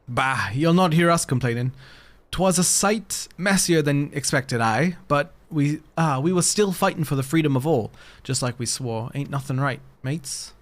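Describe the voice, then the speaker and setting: A man voicing a rough, loyal male soldier in a fantasy game, speaking with rough dialect grammar. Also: fairly high pitch, normal speed, natural voice. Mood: gruff.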